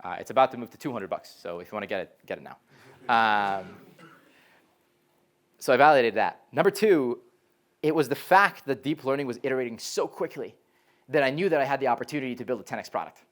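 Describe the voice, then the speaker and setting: A young man giving a live talk to a college class as a startup founder, telling stories in a lively way, full of "like" and "um," and acting out quoted voices. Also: medium pitch, fairly quick. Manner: lively storyteller, frequent "like" and "um", animated quoted voices.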